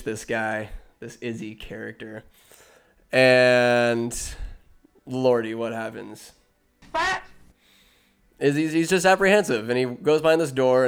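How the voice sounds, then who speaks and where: A man's voice: mid-range voice, clean tone. A man giving a casual, rambling, jokey recap of a movie, often interrupting himself.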